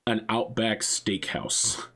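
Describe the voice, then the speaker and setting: A man's voice: fairly low pitch, fairly even intonation, takes it slowly, pushed and bright. Laughing young man running a game. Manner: rambling, laughs often. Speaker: game master. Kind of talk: narrating a tabletop game.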